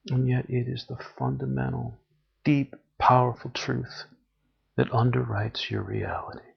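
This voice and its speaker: A man's voice: mid-range voice, flat delivery, measured pace, creaky, breathy edge. A man giving an earnest, emphatic spiritual talk, repeating phrases for emphasis. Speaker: spiritual teacher. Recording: dull lo-fi recording.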